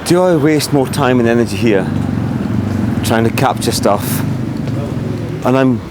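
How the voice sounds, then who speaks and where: A man's voice: medium pitch, a little slow, heavy background noise. A man vlogging about his travels, talking in a rambling, heated way with plenty of swearing and restarts. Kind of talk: vlog storytelling.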